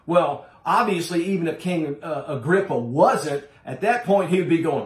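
A man's voice: on the high side, expressive, normal speed, hardly any pauses. Emphatic male preacher, echoey room. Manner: emphatic, addresses listeners as folks. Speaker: pastor. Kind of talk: sermon.

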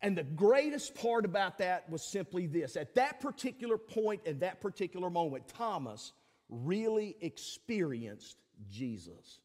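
A man's voice: high-pitched, sing-song, a little slow, darkish tone, big-room sound. A male pastor, preaching a sermon in a conversational, folksy way with fillers and emphatic peaks.

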